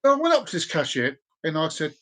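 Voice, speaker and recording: An Englishman on a livestream, in an exasperated, ranting monologue that swings between loud outbursts and low mutters. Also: very animated, quick pace. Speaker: livestream host.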